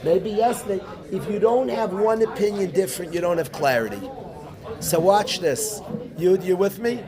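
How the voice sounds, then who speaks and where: A man, a rabbi teaching a Talmud class, animated, calling on students by name and repeating his questions. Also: high voice, moderate pace. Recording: room noisy with student chatter.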